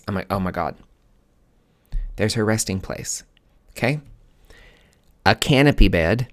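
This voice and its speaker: A man with a somewhat low voice tells a personal story in a loose, casual monologue. He is animated and dramatic, and he swears freely as he acts out his own reactions. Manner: animated, profane, dramatic retelling. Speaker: podcast host.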